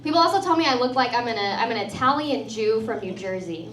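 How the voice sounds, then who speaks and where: A woman's voice: a little high, expressive, a little fast. A woman in her thirties from Texas doing a chatty, sarcastic stand-up comedy set and laughing at her own jokes. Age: 30s. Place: comedy club in front of a live audience. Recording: roomy club sound from a distant mic, audience laughter. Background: crowd laughing and cheering.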